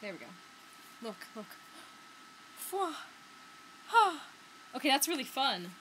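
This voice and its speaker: A woman's voice: high voice, very animated, normal speed, noisy background. A young woman chatting to camera about books and purchases, chatty and giggly with many fillers. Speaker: book vlogger. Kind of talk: casual chat to camera.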